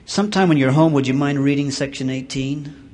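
A man giving a sermon, reading scripture aloud in a measured way that slows and swells on the verses. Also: a little high, a little mellow. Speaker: church speaker.

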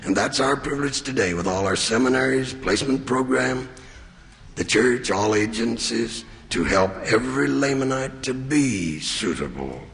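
A man giving an earnest, measured sermon as a church leader. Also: mid-range voice, lively intonation, gravelly, fairly bright tone. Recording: long reverb of a large hall.

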